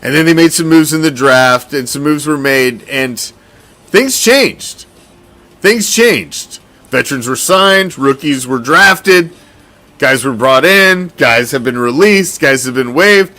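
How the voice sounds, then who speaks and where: A man hosting a casual sports commentary show, talking in an animated, profane, rambling way. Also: medium pitch, takes it slowly. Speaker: host.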